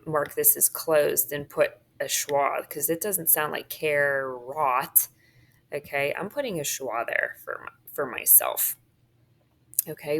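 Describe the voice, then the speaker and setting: In this phonics lesson, a woman with a low voice and a fairly bright tone goes through a worksheet with her students. She marks words as she goes and frequently checks in with "okay?"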